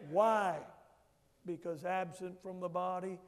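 A man's voice: sits high, expressive, unhurried. A male pastor preaching a sermon emphatically, calling on the congregation to answer back. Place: church sanctuary. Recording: long church hall reverb.

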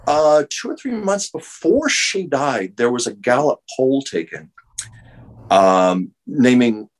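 A man's voice: mid-range voice, expressive, slow, poor audio. A man, an artist and medium, telling an emotional story earnestly as an interview guest over a video call.

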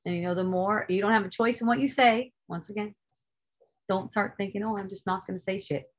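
A woman giving an earnest spiritual teaching in an online group talk, stressing points loudly and then dropping to soft asides, with casual swearing. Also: medium pitch, fairly even intonation, a little fast.

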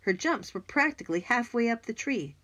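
A woman narrating a children's audiobook in an expressive, lively way. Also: fairly high pitch, brisk. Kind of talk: scripted narration.

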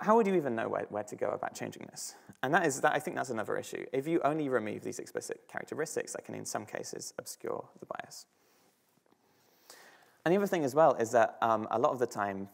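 Man, British accent, rapid slide talk, heavy vocal fry, low voice. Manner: quick, thinking aloud with frequent fillers and restarts. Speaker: student speaker.

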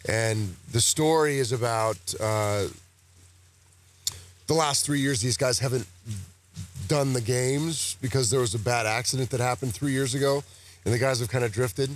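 A man's voice: mid-range voice, normal speed, slight background noise. A man, an actor, chatting casually as a guest on a talk show set, rambling and joking at his own expense. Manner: joking, rambling, self-deprecating. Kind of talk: casual interview chat. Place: broadcast set with cameras at a golf tournament.

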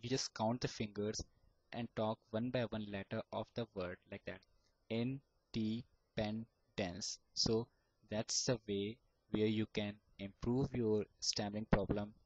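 A man with an Indian English accent giving earnest, repetitive advice on overcoming stammering, sounding out words slowly. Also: lowish voice, steady tone, darkish tone, dry recording, highs cut off. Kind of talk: casual advice talk to camera.

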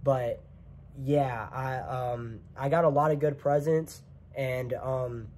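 A young man of eighteen, sick and congested, rambles through a casual home vlog. He talks extra loud into a handheld camera, full of fillers and restarts. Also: mid-range voice, steady tone, slow pace, slight background noise. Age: young adult. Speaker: vlogger. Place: home, indoors.

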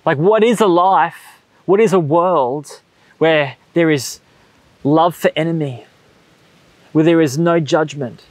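An Australian pastor in his thirties delivers a sermon in a relaxed, earnest, storytelling way. His voice sits a little high for a man. The sound is close and dry, with no room echo. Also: slow, pauses often. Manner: conversational, earnest preaching with storytelling. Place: church stage.

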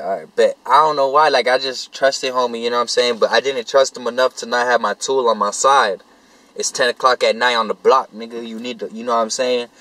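Young male vlogger, mid-pitch, slangy and sweary, rambles through an animated true-story rant. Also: no room sound, low-quality recording. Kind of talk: casual storytelling to camera.

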